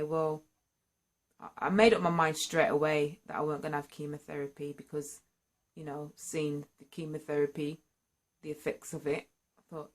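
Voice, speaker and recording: A woman telling her own story to camera, candid and earnest, and lively when excited. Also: sits low. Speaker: singer sharing a personal story. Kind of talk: candid personal vlog storytelling.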